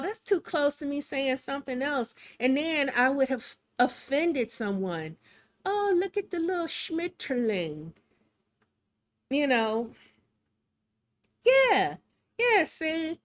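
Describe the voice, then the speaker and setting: Casting: woman livestream artist, unhurried delivery, slightly high voice, rambling chatty tone. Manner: rambling, chatty, laughs often. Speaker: live-streaming digital artist. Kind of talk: casual livestream chat while drawing.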